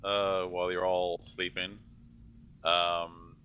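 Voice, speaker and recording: A man's voice: deep voice, level tone, takes it slowly, clean tone. A man narrating as game master, hesitant and full of fillers. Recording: dull lo-fi audio.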